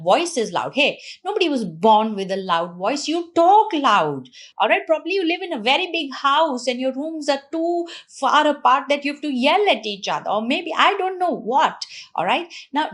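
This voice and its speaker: A woman from Punjab coaching on communication, her voice sitting a little high. She talks fast and lively, with frequent small laughs and the odd Hindi phrase. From Punjab, India. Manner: fast-talking, says so herself. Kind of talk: talking-to-camera advice.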